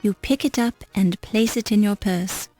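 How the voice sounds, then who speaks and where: A woman's voice: mid-range voice, moderate pace, mellow, faint music behind, natural voice. A woman voicing a wry game narrator, reading dry, matter-of-fact descriptions in scripted narration.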